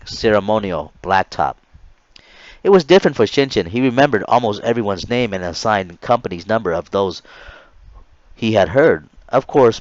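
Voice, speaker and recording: Low-voiced man reading his memoir aloud. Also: no echo, lo-fi sound. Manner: earnest reading with small stumbles and restarts.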